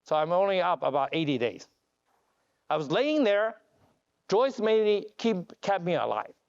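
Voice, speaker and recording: A man giving a joking conference keynote as a company CEO, telling animated stories with broken grammar and restarts. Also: high-pitched, moderate pace. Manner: animated storytelling with jokes; non-standard grammar, restarts. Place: conference hall. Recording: dull lo-fi conference audio.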